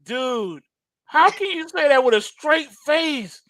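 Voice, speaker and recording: A man's voice: extremely high pitch, lively intonation, slow, bright, forceful tone, no echo. A man hosting a trading show, chatting casually, laughing hard and exclaiming in disbelief. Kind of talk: casual chat.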